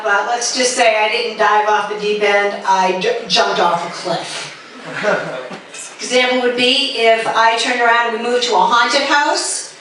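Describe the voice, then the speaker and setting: A woman in her fifties doing stand-up comedy with brash, self-mocking punchlines and quick asides to the crowd, recorded from afar in an echoey club. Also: high voice, fairly bright tone, slight background noise. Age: 50s. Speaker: stand-up comic. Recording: echoey room from far off.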